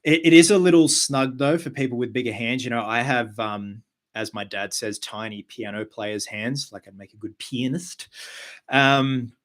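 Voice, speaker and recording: A man's voice: medium pitch, fairly bright tone. Chatty man on a live stream. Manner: chatty, with fillers and quick asides. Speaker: host of a live show. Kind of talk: casual live-stream chat.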